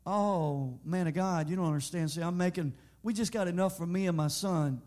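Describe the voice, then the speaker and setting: A man playing a poor, frightened widow, speaking in a low, hushed, pleading voice. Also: moderate pace, natural voice. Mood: hushed, resigned.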